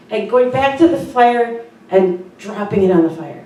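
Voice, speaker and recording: A woman's voice: medium pitch, measured pace, slight background noise. Woman pastor, conversational sermon, church sanctuary, far from the mic, strong echo. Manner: earnest, conversational, with soft fillers. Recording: very echoey room from far off.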